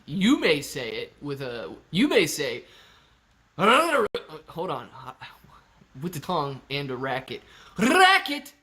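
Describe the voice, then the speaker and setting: Young male stream host, bright and slightly high, jokey chat reader. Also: huge pitch swings, takes it slowly. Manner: joking, reads viewer chat aloud. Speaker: livestream host. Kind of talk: casual live stream chat.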